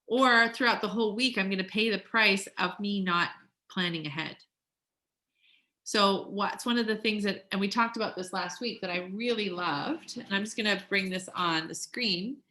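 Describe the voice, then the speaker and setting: A woman in her forties talks to her coaching clients from a home studio. Her voice is bright and forward, pitched in a middle range. She is chatty and encouraging and acts out her inner thoughts as she goes. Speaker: weight-loss coach. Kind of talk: casual coaching talk to clients.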